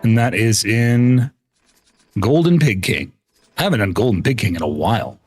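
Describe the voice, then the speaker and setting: An American man chats casually on a gaming livestream, rambling from one story to the next. He swears freely and trips over his words, restarting sentences as he goes. His voice keeps jumping up into a high, animated register. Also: moderate pace, breathy edge, faint music behind. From United States. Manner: animated, often jumps up in pitch. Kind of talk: casual live-stream chat while gaming.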